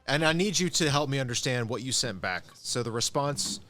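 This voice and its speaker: A man's voice: medium pitch, expressive, fairly quick, sharp tone, soft background music. A man co-hosting a casual podcast, joking and teasing his friends. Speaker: podcast co-host.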